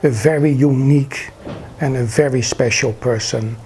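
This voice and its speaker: A man's voice: medium pitch, fairly even intonation, normal speed, a little mellow, a little hiss or hum. A man earnestly recalling his spiritual teacher in a devout, reverent way. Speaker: disciple sharing memories. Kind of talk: reverent personal reminiscence.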